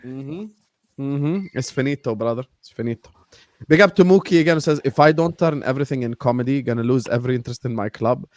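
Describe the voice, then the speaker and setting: A man hosting a live football talk stream, animated and laughing as he shouts out viewers by name. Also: medium pitch, fast, no room sound. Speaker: host.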